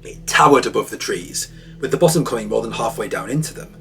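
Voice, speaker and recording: A man's voice: on the low side, expressive, quick pace, vocal fry, a bit bright. A man giving scripted, dramatic narration for an audio documentary, telling the story vividly. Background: faint music.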